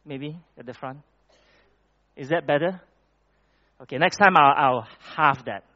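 A man preaching a conversational sermon in a church hall, often pausing and restarting his words. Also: fairly high pitch. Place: church hall with projected slides. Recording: dull lo-fi recording.

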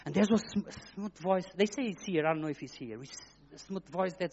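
A middle-aged man giving an emotional testimony sermon as a guest preacher, in simple, broken phrasing, swinging between hushed and loud. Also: high voice, a little fast, gravelly, few pauses, slightly rough. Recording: dull lo-fi recording.

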